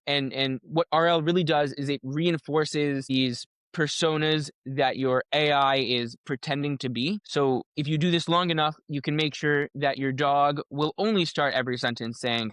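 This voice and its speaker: A man in casual podcast talk, explaining a technical idea through a running playful analogy. His voice sits a little higher than most men's. He is heard close and dry, with no room sound, and he restarts his phrases often as he thinks aloud. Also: fairly bright tone, no room sound. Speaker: podcast guest, AI safety researcher.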